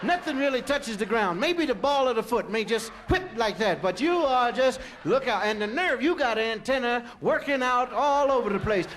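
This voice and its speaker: A man from Philadelphia telling a long comic story on stage, in a chatty, animated way full of "you know" and "man". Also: very high voice, normal speed, hardly any pauses, slight background noise. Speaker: comedian. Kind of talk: stand-up storytelling.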